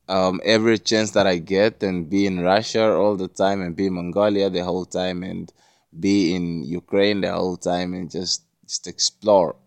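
A man's voice: deep voice, clean tone, dry recording, studio quality. A man hosting a solo podcast, talking casually in a rambling, profane way with many restarts. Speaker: podcast host.

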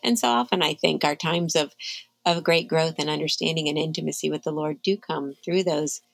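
A woman's voice: sits low, fairly quick, creaky, rough recording. A middle-aged woman, an author, answering an interview question candidly, earnest and reflective and moved to emotion. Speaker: author and guest.

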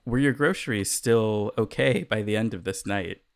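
A man's voice: on the low side, moderate pace, no echo. A man listening to a story, laughing along and answering with short reactions and curious follow-up questions. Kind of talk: casual chat.

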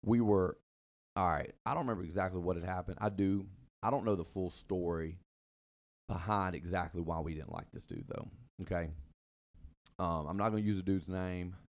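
A man's voice: deep voice, normal speed. A man hosting a casual chat, telling a long rambling story full of asides and fillers.

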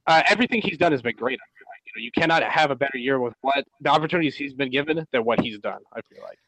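A man's voice: medium pitch, lively intonation, very fast, a bit bright, dry recording, poor audio. A man co-hosting a casual wrestling podcast, giving agreeable opinions. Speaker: podcast co-host.

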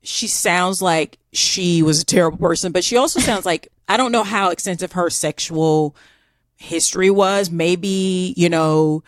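A woman with a Southern US accent, co-hosting a podcast and telling a story in a chatty, animated way with many fillers. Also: fairly low pitch, measured pace, no room sound, clean studio sound. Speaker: podcast co-host. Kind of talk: casual storytelling chat.

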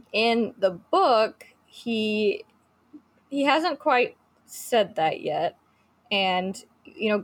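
A woman co-hosting a podcast in casual chat, talking with many fillers and restarts and reading book passages aloud. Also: mid-range voice. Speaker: podcast co-host.

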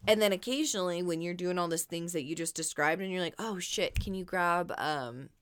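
A woman co-hosting a podcast in casual chat, telling stories in an animated, profane way. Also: lowish voice, brisk, clean tone. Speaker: podcast co-host.

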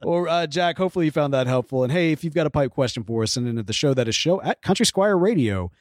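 A man co-hosting a podcast, playful and quick to laugh in casual chat. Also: on the high side, expressive, darkish tone. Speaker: podcast co-host.

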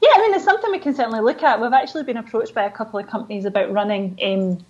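A woman with a fairly high voice chats warmly and openly about judging dance. She talks with a lot of feeling. Her sound comes through a dull, lo-fi call line. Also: racing, a little hiss or hum. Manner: open and emotional, speaks with feeling. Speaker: dance competition judge. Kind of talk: casual video call chat.

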